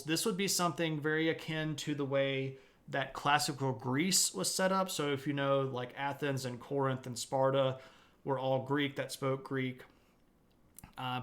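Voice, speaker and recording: A man's voice: mid-range voice, a bit bright. A man hosting a live-streamed history lecture from home, talking in a casual, chatty way with self-deprecating asides.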